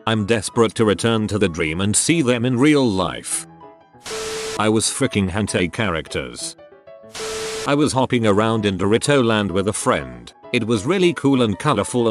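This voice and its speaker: Low-voiced man reading stories aloud. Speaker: narrator reading online posts. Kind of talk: scripted narration.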